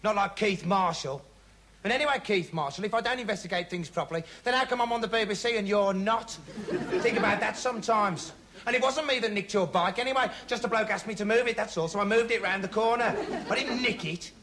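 A man's voice: sits high, brisk, natural voice. A man playing a dim young would-be investigator who rambles earnestly, padding every sentence with "like" and "right". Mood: earnest rambling. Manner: meandering, earnest, full of 'like' and 'right'. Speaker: comic investigator character. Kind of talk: rambling comic monologue to camera. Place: TV studio before a live audience. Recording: TV studio with audience laughter and noise.

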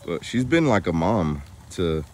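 A young man vlogging casually around his farm and new house, chatting, laughing often and using high baby talk with the animals. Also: very animated, measured pace, slight background noise. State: soaked from rain. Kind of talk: casual vlog narration. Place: outdoors on a farm, and a house under construction.

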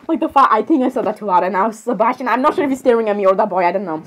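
A high-voiced woman chatting through a playful game role-play. She is flustered and keeps apologizing, stumbling over her words with giggles. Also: animated, racing, few pauses, low-quality recording.

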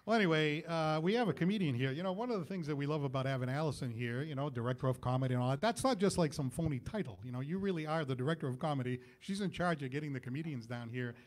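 A man hosting a live variety show on local TV. He talks in a chatty, easy way with a slightly raised pitch. He builds up his guests before bringing them on. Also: quick pace, few pauses. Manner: chatty, introduces guests warmly. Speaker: talk show host.

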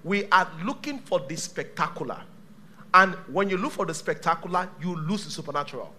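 A male pastor preaching a sermon to a live church congregation, dramatic, swinging from shouts to hushed tones. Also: sits high, expressive, brisk, slight background noise.

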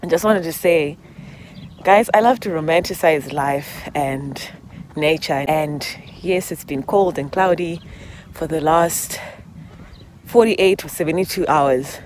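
A woman's voice: deep voice, a little slow, darkish tone, slight background noise. A woman vlogger talking heart to heart while walking outdoors, emotional and rambling, sometimes laughing through tears. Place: outdoors on a walk in public.

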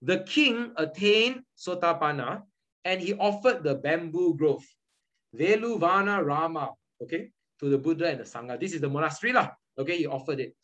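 A man's voice: on the high side, lively intonation, moderate pace, fairly bright tone, rough recording. A young man with a Malaysian English accent, teaching an online Buddhist study group in a patient lecture style and repeating points often. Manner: repetitive, patient teaching with frequent "okay" and "all right". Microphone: video call.

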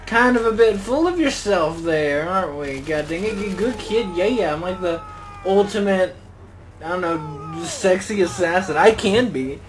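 A young man with a slightly high voice talks through his gameplay in a loose, rambling way. He jokes, grumbles and mutters exclamations to himself as he plays. A faint hiss of noise sits under the recording. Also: animated, normal speed. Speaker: gaming channel host. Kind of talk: casual gameplay commentary.

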